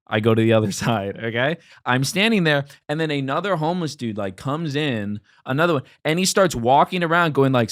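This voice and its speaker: A man's voice: mid-range voice, expressive, brisk, hardly any pauses, no echo, clean studio sound. A young man from Los Angeles telling a rambling story on a podcast, with lots of "like" fillers, acting out voices as he goes. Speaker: podcast host. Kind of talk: casual storytelling chat.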